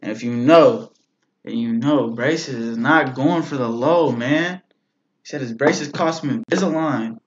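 A young man giving casual reaction commentary, relaxed and slangy, leaning on "bro" and "man" as he talks. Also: medium pitch, a little slow. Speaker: reaction video host. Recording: dull lo-fi recording. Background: faint rap music playing.

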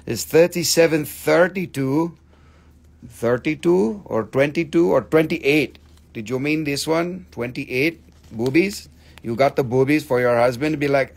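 A man hosting a live sales stream, excitable and theatrical, swearing freely as he gushes over the goods. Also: mid-range voice, a little slow, gravelly. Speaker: live-stream seller, host.

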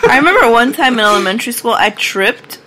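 A woman's voice: a little high, animated, fast, heavy background noise. A woman co-hosting a podcast, chatting casually and telling personal stories, sometimes swearing. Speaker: podcast co-host. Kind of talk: casual chat, telling anecdotes.

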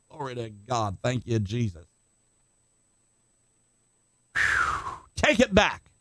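An older man preaching a sermon with passion, rising to shouts and calling on listeners by name. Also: mid-range voice, big pitch swings, unhurried, no echo. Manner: impassioned, shouting climaxes, calls on congregation by name.

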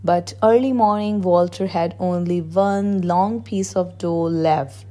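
A woman narrating a children's picture book aloud in a gentle, measured storytelling voice. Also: lowish voice, fairly even intonation.

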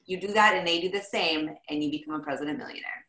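An upbeat woman co-hosts a casual team call and urges listeners on. Her voice is low yet bright and forceful. It rings with a roomy echo. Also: fast talker. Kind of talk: casual chat.

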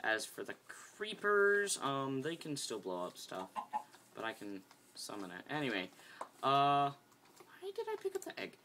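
Woman, very deep yet bright-toned, chatty game tutorial host who wanders off topic. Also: huge pitch swings, a little slow, a little hiss or hum. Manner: rambling, easily sidetracked, chatty. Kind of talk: casual gameplay tutorial.

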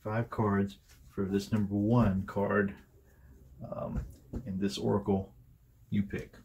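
A man's voice: lowish voice, flat delivery, slow pace, darkish tone, a little hiss or hum. A man giving a casual, rambling tarot card reading, full of hesitations and fillers as he talks through each card. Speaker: tarot reader.

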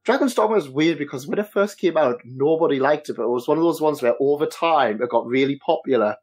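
A man's voice: on the high side, fast talker, a little mellow, husky. A man hosting a casual podcast chat, hesitant with many restarts. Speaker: podcast host.

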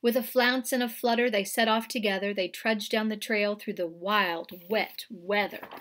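With a medium-pitched voice at a normal speed, a woman who teaches kindergarten reads a picture book aloud to young children. She's expressive, hushes her voice for the frightening moments, and puts questions to her listeners.

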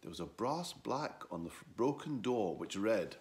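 A man reading a children's story aloud in an expressive, lively way. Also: fairly low pitch, normal speed.

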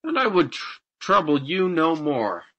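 Guy reading as a pushy young farmer, slow and indignant, swoops around a lot. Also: medium pitch, big pitch swings, bright, forceful tone, muffled recording, heavily acted. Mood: demanding. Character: greedy, boastful young male farmer.

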